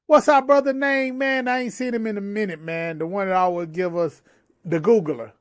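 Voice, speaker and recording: A man's voice: sits high, fairly even intonation, moderate pace, clean tone, dry recording, studio quality. A man co-hosting a livestream talk show, chatting casually in laid-back slangy banter and joking with his co-hosts. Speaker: podcast co-host.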